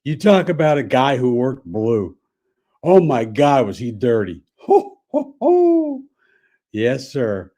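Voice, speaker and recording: A man's voice: medium pitch, animated, unhurried, warm tone. A man talks sports as a columnist guest on a radio show. He sounds easygoing and sure of his opinions. His voice sits in an ordinary middle range. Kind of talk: casual sports radio chat.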